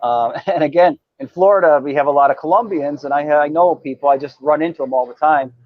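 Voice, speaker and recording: A man's voice: a little high, quick pace, dry recording. Chatty man, dry dull sound. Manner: chatty storyteller with many restarts. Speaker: guest. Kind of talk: casual chat.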